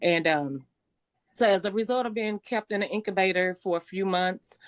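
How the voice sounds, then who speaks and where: A middle-aged woman with a slightly raspy, medium-pitched voice gives a personal testimony talk as a guest speaker, recounting her life story at a normal speed. She talks conversationally, full of fillers and restarts.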